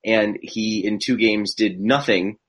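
Husky low-voiced man arguing bluntly. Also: fairly even intonation, takes it slowly, poor audio. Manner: blunt, argumentative, dry quips. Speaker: podcast co-host. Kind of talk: casual sports podcast chat.

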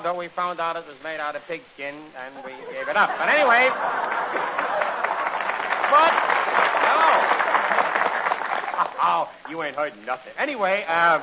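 A man on an old radio show, running through a chatty comic monologue. His voice leaps around in pitch as he rambles from gag to gag. The recording is dull and lo-fi, with a faint hiss underneath. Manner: rambling, jokey storyteller with a lively, animated delivery. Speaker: radio comedian. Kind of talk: comic monologue and one-sided phone sketch.

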